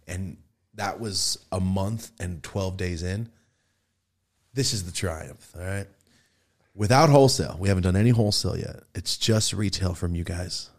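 A man with a lowish voice tells a business story on a podcast, animated and full of swearing. He swings high and loud when he acts out what people said. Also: moderate pace. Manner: animated, profane, jumps into high excited voices for quotes. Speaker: podcast host telling a story. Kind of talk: casual storytelling.

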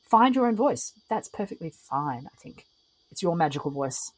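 A woman's voice: fairly low pitch, very animated, moderate pace, rough recording. A woman, a podcast guest who explains things thoughtfully with frequent ums. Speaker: guest, ritualist and singer. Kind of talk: casual podcast conversation.

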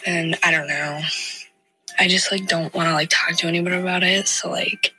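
A teenage girl leaving a hesitant voicemail, full of "like" and soft at times. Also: lowish voice, steady tone, normal speed, soft background music, low-quality recording. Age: teen. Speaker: caller.

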